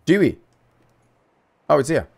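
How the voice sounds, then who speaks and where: An English gaming YouTuber commentates his own playthrough in a casual let's-play, swearing freely and ranting jokily at viewers. His fairly high voice is very animated yet unhurried, gravelly, a little mellow, with a breathy edge.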